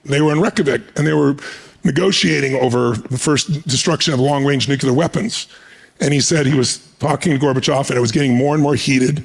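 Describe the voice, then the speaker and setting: A middle-aged man telling an animated story in conversation, acting out the people in it. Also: medium pitch, brisk. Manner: animated, gravelly, acts out the people in his story. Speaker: motivational speaker.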